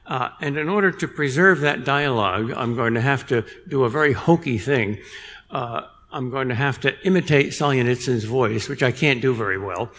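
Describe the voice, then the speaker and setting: An older man giving a public lecture, telling a story in a measured way with dry humor. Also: mid-range voice, a bit bright. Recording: long reverb in a large hall.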